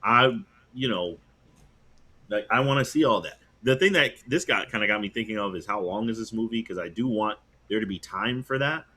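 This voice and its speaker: A man's voice: lowish voice, moderate pace, pushed and bright. A man co-hosting a podcast, talking casually in a rambling, hesitant way. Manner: rambling, hesitant, many fillers and restarts. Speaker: podcast co-host. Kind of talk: casual chat.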